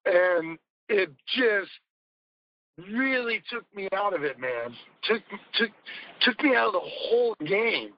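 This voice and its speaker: A man's voice: sits high, lively intonation, slow, no room sound, highs cut off. A man speaking as a podcast guest, telling rambling, emphatic stories in casual conversation and swearing now and then.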